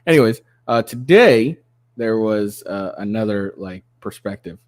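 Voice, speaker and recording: A man riffs on a viral clip in a crude, mocking ramble. He keeps breaking into giggles and lets his pitch bounce around a lot. He sounds close and dry, with no room sound. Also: expressive, a little slow, darkish tone, no room sound. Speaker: commentary channel host. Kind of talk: casual reaction commentary.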